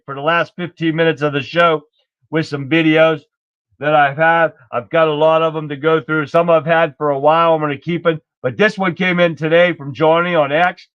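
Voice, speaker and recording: A man's voice: a little high, fairly bright tone, clean tone, no room sound. A man hosting a casual political talk show, ranting bluntly with plenty of swearing. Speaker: host. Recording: dull, dry sound.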